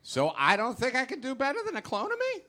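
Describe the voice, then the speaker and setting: A man comedian doing a manic, shouting improvised rant on a live comedy stage, laughing through his lines. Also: very high voice, wildly swooping pitch, fast. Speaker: comedy debate contestant.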